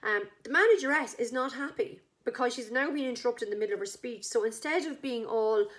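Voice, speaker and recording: An Irish woman chatting enthusiastically, pitching her wedding act to a couple and acting out the characters' lines. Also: a little fast. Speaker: wedding entertainment business owner. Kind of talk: casual sales pitch to a couple.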